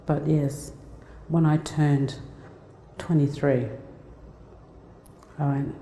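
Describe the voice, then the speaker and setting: A woman's voice: low voice, flat delivery, drawn-out words, warm tone, a little hiss or hum. A woman, giving a heartfelt, conversational talk as a guest speaker and telling personal stories with many restarts. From Australia. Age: 40s. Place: lecture hall. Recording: echoey lecture hall reverb.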